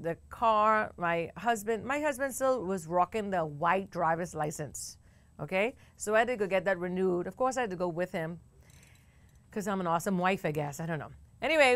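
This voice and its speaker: A woman with a Bahamian accent hosting a talk show, telling a story in a chatty, animated way with bursts of laughter. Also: medium pitch, dry recording. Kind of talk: casual storytelling to camera.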